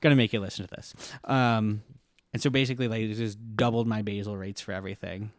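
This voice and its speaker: A man's voice: on the low side, little pitch movement, fast, no echo, clean studio sound. A man, a podcast guest, chatting casually and telling a rambling story with self-deprecating jokes. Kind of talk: casual conversation.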